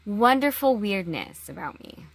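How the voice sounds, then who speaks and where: A woman talking in a casual personal vlog, halting, with long pauses and restarts. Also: mid-range voice, very animated, dry recording. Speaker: vlogger.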